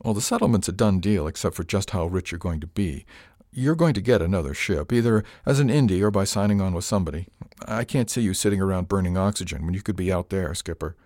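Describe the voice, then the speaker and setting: A man's voice: low-pitched, lively intonation, fast, darkish tone, dry recording, clean studio sound. A man voicing an eager, loyal young woman crew member, earnest and determined, in an audiobook.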